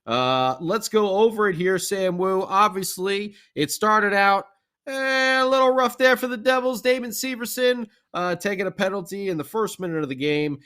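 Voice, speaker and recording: Guy co-hosting a hockey podcast, kinda high voice, upbeat, rambles a bit. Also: moderate pace, sharp tone, clean tone. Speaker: podcast co-host. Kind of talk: casual hockey recap chat.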